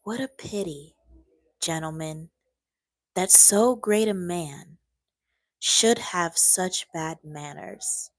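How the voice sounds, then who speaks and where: A woman reading aloud and voicing a calm, bored male minister who answers with unbothered disdain. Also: lowish voice, takes it slowly, pauses often, no room sound.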